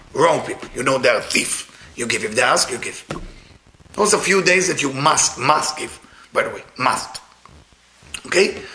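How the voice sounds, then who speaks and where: A man giving an informal sermon in non-native English, emphatic, swinging from loud bursts to hushed asides. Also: mid-range voice.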